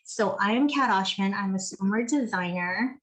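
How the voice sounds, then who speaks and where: An American woman hosts a relaxed video call, talking eagerly with plenty of "like" and "so". Her voice has an ordinary middle pitch for a woman. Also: normal speed, rough recording. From California, USA. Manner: chatty, enthusiastic, filler-heavy. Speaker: host. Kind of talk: casual video call conversation.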